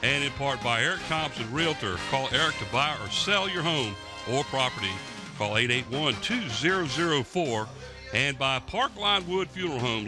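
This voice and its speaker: Lively announcer guy at a high school game, music playing under him. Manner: lively, reads sponsor spots, jokes. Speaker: play-by-play announcer. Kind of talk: local football broadcast commentary. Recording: local cable broadcast with music behind.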